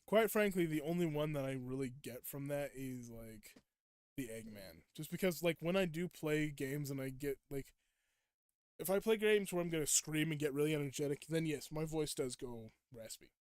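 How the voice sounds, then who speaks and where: A man's voice: on the high side, expressive, moderate pace, clean tone, no echo, clean studio sound. A young man streaming a game, chatting casually, laughing often and acting out quotes. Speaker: gaming streamer. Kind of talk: casual gameplay chat.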